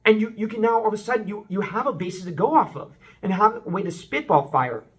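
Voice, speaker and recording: A man giving a casual, unscripted songwriting lesson to camera, excitable and rambling, breaking into short sung examples. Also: sits high, fast talker. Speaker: vocal coach.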